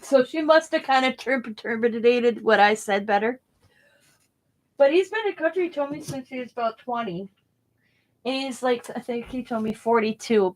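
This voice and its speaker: A middle-aged woman chatting casually about her day while she crafts, rambling and laughing as she goes. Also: fairly high pitch. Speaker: craft vlogger.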